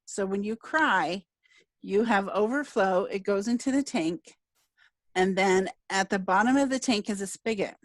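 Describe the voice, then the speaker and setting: A woman's voice: mid-range voice, unhurried, no echo. A middle-aged woman hosting a casual interview, telling a heartfelt story in an earnest, emotional way. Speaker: podcast host and speaker.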